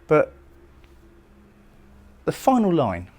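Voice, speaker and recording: A man lecturing on a poem, explaining it thoughtfully and sometimes pausing to restart a phrase. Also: on the high side, wildly swooping pitch, a little mellow. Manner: reads verse lines slowly and solemnly. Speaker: poetry lecturer. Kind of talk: recorded lecture analysing a poem.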